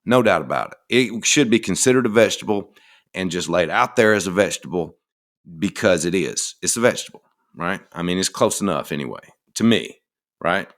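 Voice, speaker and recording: A man's voice: low-pitched, lively intonation, brisk, fairly bright tone. A middle-aged man with a Southern American accent, talking in a folksy, rambling and enthusiastic way as a podcast host. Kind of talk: casual monologue.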